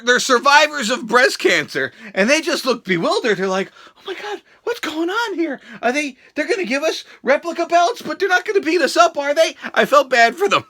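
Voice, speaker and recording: A young man hosting a wrestling review vlog, ranting crudely and sarcastically with occasional shouts. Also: sits high. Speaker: show host reviewing wrestling.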